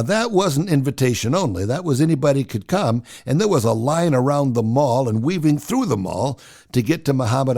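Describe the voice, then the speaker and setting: Older guy in his 60s, gravelly voice, goes up and down a lot telling stories. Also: medium pitch. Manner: animated, chatty storyteller. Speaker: storyteller. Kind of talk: casual personal storytelling.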